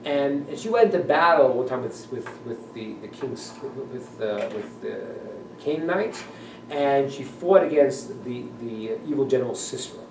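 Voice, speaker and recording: A male rabbi teaching a class in an animated manner, acting out voices and laughing often. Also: medium pitch, measured pace. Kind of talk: class lecture. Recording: echoey room, voice from a distance, faint noise.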